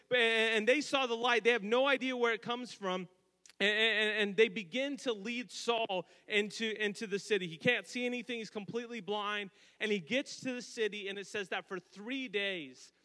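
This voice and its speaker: Bright high-voiced preacher man in a hall. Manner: retelling scripture with casual asides and dramatic emphasis. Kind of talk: sermon. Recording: long hall reverb.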